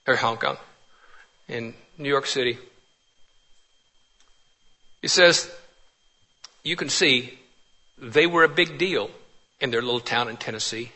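A man preaching a sermon with passion, swinging from urgent pleading to hushed, quiet lines. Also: mid-range voice, a little slow, long pauses. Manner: impassioned, swings from loud pleading to hushed near-whispers.

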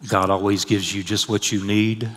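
A man with a low voice preaches from the pulpit, his words ringing through a long hall reverb. He rises loud and high on scripture and falls to a soft, low hush when telling a personal story. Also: little pitch movement, moderate pace. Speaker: pastor. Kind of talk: sermon.

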